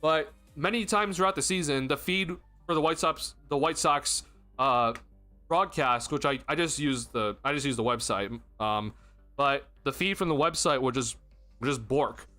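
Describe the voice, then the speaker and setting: A man's voice: medium pitch, normal speed, sharp tone, soft background music. A young man, ranting and laughing in disbelief as he hosts a casual sports livestream, rambling with restarts. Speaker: sports streamer.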